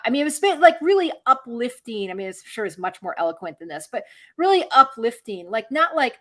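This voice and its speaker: A woman's voice: on the high side, very animated, fairly quick. A middle-aged woman from Michigan hosting a political podcast, talking earnestly and rambling with lots of fillers and restarts. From Michigan, USA. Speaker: podcast host. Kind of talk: casual political podcast chat.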